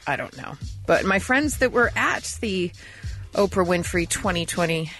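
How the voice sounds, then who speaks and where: A woman co-hosting a radio morning show, telling odd news stories in animated, laughing banter. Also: lowish voice, normal speed, faint music behind. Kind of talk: casual comic radio banter. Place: radio studio. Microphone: studio microphone.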